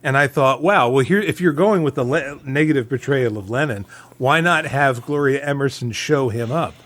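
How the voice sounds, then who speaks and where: A man's voice: medium pitch, normal speed, a bit bright. A man co-hosting a podcast, rambling and thinking aloud with many fillers. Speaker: podcast co-host. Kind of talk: casual podcast discussion.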